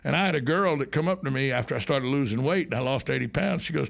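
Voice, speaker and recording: A man from the United States hosts a talk radio show from a radio studio, his mid-range voice fast and gravelly with few pauses. He tells jokes and stories casually but emphatically.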